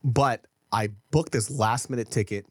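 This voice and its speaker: A man co-hosting a podcast, telling a long story in casual chat with lots of swearing and animated delivery. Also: mid-range voice, normal speed, no echo, clean studio sound. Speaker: podcast co-host.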